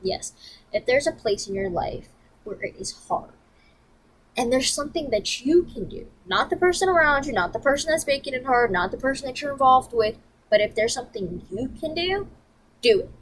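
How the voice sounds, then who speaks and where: A woman vlogger telling a story in a profane, animated, emphatic rant. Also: sits high, moderate pace, poor audio.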